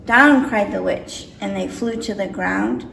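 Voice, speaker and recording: A woman's voice: mid-range voice, fairly even intonation, measured pace, vocal fry, slight background noise. A woman reading a picture book aloud with careful, slightly nervous delivery. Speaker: storybook reader. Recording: roomy echo, mic far off.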